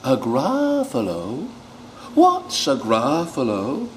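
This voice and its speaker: A man voicing a predatory male owl in a children's picture book, with a slow, hooting, lilting delivery. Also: medium pitch, wildly swooping pitch, slight background noise, pitched above the performer's own voice. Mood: sly, inviting. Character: hooting high-voiced male owl, predatory then panicked.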